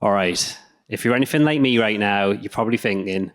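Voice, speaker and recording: Speaking fairly quickly in a fairly low voice, this Englishman with a regional accent delivers a self-deprecating, chatty talk live on stage. The hall he's in makes the recording echoey.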